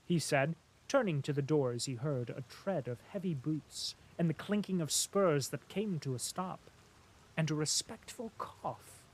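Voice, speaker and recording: Slow, measured male storyteller. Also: fairly high pitch, expressive. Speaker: audiobook narrator. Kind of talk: scripted narration.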